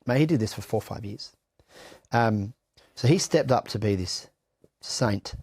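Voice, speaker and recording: A middle-aged man with an Australian accent talks openly and bluntly about hard times. He swears without hesitation and restarts his sentences, and his voice sits on the low side. The sound is close and dry, with no room echo. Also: measured pace, darkish tone, slightly rough. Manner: raw, blunt, swears freely, many restarts. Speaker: interview guest. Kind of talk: candid personal testimony.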